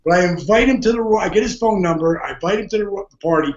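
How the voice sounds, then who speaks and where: A man with a notably high voice tells a story with energy, laughing often and acting out the voices of others. The audio sounds dull and lo-fi. It has a roomy echo around it. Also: lively intonation, fast, slight background noise. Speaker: podcast guest. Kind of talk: animated storytelling.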